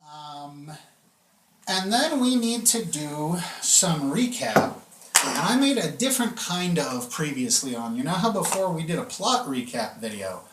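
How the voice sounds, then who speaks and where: A man working as game master, explaining rule changes in a relaxed, chatty way and checking in with his players. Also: a little high, a little slow, background noise. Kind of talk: explaining rules and narrating a tabletop game. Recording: echoey room.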